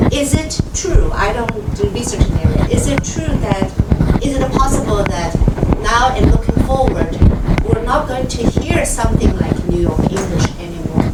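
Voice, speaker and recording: Woman asking a question from the crowd, far off the mic, echoey room, loud background noise. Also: medium pitch. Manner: tentative, self-deprecating questioning. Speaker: audience member asking a question. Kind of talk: audience question at a symposium.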